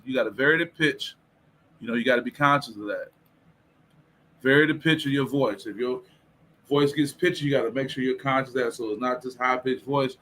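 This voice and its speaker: A man from Detroit hosting a livestream, giving a casual motivational talk on tone of voice in an animated way and reading out viewer comments. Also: mid-range voice, slight background noise. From Detroit, USA. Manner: animated, preacher-like, reads viewer comments aloud.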